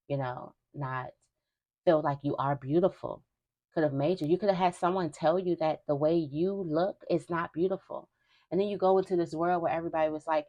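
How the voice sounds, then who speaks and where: A young woman with a low, grounded voice speaks straight to her viewers in a spiritual reading. She talks in a loose, conversational flow, circling back and repeating phrases for emphasis. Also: a little mellow. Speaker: tarot reader.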